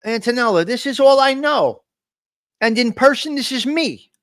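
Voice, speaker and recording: A man's voice: very high-pitched, lively intonation, moderate pace, a bit bright, dry recording, studio quality. A man hosting a casual live stream, joking loosely and calling out his chat viewers by name. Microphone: desk microphone.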